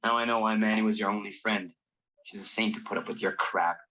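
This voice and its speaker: A man's voice: lowish voice, fairly even intonation, a little fast, bright, forceful tone. An actor playing a hostile teenage boy who taunts a classmate with contempt. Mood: contemptuous. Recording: distant, faintly noisy TV clip.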